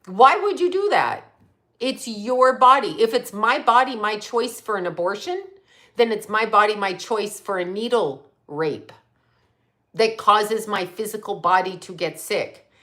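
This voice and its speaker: A woman hosting a livestream, telling stories casually, animated, laughing often and swearing freely. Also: medium pitch, measured pace. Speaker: livestream host.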